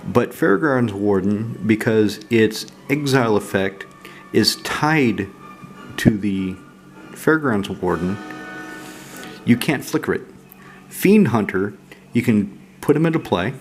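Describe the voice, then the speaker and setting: A man casually walking through his card game deck, relaxed and rambling with frequent fillers. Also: fairly low pitch, slow pace, long pauses, faint music behind. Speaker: card game channel host.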